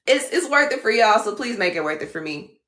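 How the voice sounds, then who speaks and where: A woman's voice: fairly high pitch, big pitch swings, brisk, a bit bright, roomy sound. A woman tarot reader talking in a casual, blunt, slangy way on a livestream.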